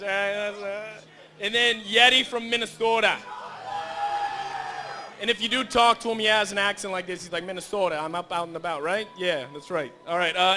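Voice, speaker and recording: Bright, high-voiced joking emcee man. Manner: playful, teasing, shouts to hype the crowd. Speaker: tournament emcee. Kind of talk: joking crowd introduction. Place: large indoor tournament venue.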